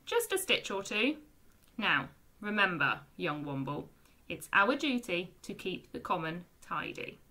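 A woman puts on a grumbling old male Womble who runs the storeroom, brusque and slow-spoken. The voice is bright and swings up and down in pitch, pushed louder than a plain reading. It is a storybook told aloud for young children. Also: big pitch swings, heavily acted.

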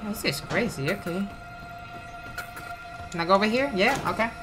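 Woman host for let's play commentary: excitable, slangy, taunting, animated pitch, over game music. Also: normal speed. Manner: excitable trash-talking, shouts taunts at enemies; slangy, swears often. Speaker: gaming channel host.

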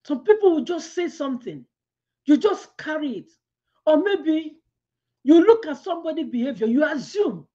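Animated high-voiced woman preaching, lo-fi. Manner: animated storytelling, quick asides, laughs while telling. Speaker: devotional speaker. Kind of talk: devotional teaching with personal story. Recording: lo-fi dull sound.

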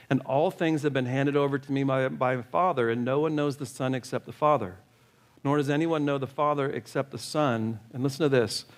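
A male pastor preaching a sermon, talking straight to the congregation and reading scripture aloud. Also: medium pitch. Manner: earnest, direct preaching, reads scripture aloud. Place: church sanctuary.

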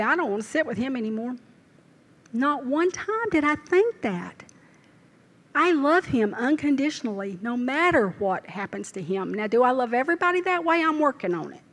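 A woman's voice: on the high side, long reverb tail. An older woman, preaching a sermon at a church service and telling homespun stories in down-home grammar. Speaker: lay preacher. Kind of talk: folksy sermon.

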